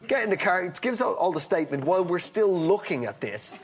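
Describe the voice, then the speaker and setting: A man, a comedian guest on a talk show, telling a long anecdote in a rambling, halting way with many restarts and acting out the other people in the story. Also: high voice, sing-song.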